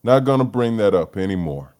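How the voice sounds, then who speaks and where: A man hosting a solo podcast, rambling in a low-energy, profane way, trailing off and laughing as he talks. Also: animated, fairly quick, darkish tone. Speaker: podcast host. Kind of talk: solo casual rant.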